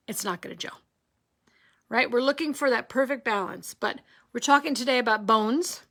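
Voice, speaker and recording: Her pitch fairly high and her pace moderate, a woman leads a lively cooking lesson streamed online. She poses rhetorical questions, keeps asking how her audience is doing, and shares jokes with them.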